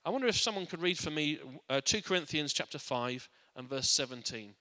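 A man preaching a sermon to a congregation. He speaks earnestly, often restarting or repeating words, and drops quiet and soft on his reflective points. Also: fairly high pitch, lively intonation, fairly quick. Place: church. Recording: long church hall reverb.

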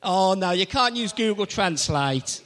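A man leads an interactive sermon, teasing and quizzing his congregation. His voice sits high and swoops animatedly, while his unhurried pace leaves room for answers. Long reverb from the church hall trails every phrase. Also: lively intonation, fairly bright tone. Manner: playful, quizzing the audience. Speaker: preacher.

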